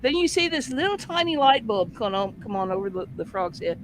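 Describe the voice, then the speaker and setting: A man host telling a casual anecdote, animated and full of vivid sound effects. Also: extremely high pitch, fairly quick, noisy background.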